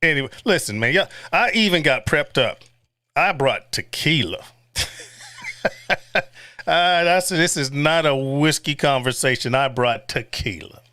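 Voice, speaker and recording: Man, livestream host, fairly high voice, dry close sound, blunt, swears a lot, chuckles often. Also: expressive, a little slow, sharp tone, dry recording. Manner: blunt and profane; chuckles often between remarks. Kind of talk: casual livestream chat.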